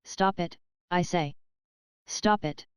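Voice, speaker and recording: A woman reading the lines of an angry, jealous young husband, with harsh accusing shouts. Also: on the low side, slow pace, smooth, dry recording, studio quality. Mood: furious.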